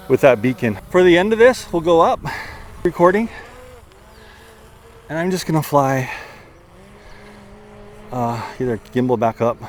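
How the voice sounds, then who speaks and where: A man doing excitable, casual commentary outdoors while flying and chasing a drone, out of breath at times. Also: mid-range voice, a little hiss or hum. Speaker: drone reviewer. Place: outdoors among trees.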